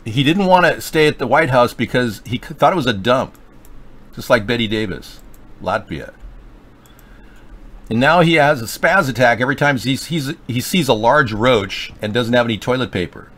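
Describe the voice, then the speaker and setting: A man's voice: mid-range voice, animated, normal speed, a bit bright. A man hosting a political livestream, rambling and joking with sarcasm. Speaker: livestream show host.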